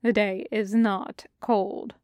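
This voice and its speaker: A woman narrating a fan audiobook in a slow, measured reading. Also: medium pitch, little pitch movement, a little mellow, no echo, clean studio sound.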